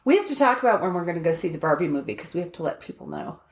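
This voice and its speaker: A woman's voice: on the low side, huge pitch swings, rapid-fire. A woman co-hosting a podcast in casual chat, telling stories animatedly, acting out the voices of the people she quotes and laughing a lot. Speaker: podcast co-host. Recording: roomy echo.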